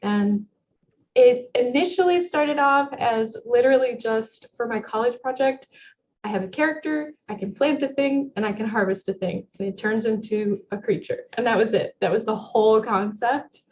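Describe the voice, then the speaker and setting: A woman's voice: fairly high pitch, normal speed. A young woman game developer chatting in an interview, friendly and rambling with many ums. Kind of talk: casual interview chat. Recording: dull lo-fi mic with faint noise.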